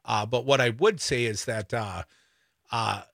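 A man's voice: mid-range voice, measured pace, creaky, a bit bright, no echo, clean studio sound. A man hosting a radio talk show, bantering and playfully ribbing a regular caller. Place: radio studio.

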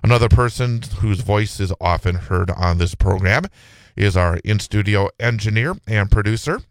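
Male radio host from Wisconsin, low voice, dry close studio mic, chatty and rambling. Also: moderate pace, no room sound. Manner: chatty, rambling, many fillers and restarts. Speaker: radio talk show host. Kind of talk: casual talk radio chat. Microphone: studio microphone.

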